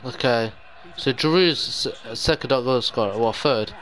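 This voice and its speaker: A man's voice: mid-range voice, unhurried, a bit bright. A young man giving live gameplay commentary, despairing and muttering with sudden outbursts. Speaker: gaming YouTuber.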